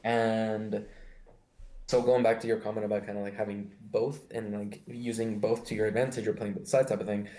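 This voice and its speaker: A man's voice: lowish voice, level tone, moderate pace, warm tone, roomy sound, rough recording. A young man from Mexico with an American accent, chatting casually as host, rambling with many fillers and restarts. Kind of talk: casual chat.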